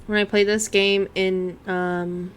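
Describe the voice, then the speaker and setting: A woman's voice: mid-range voice, flat delivery, slow, clean tone. A woman casually chatting and thinking aloud while livestreaming a cozy farming game. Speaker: gaming streamer. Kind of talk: casual gameplay commentary.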